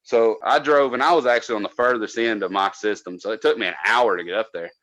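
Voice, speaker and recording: A man's voice: on the low side, fast, no echo, muffled recording. Profane man telling a work story. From North Georgia. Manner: profane, animated, acts out quotes loudly. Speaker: podcast co-host, former cable tech. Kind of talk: casual storytelling.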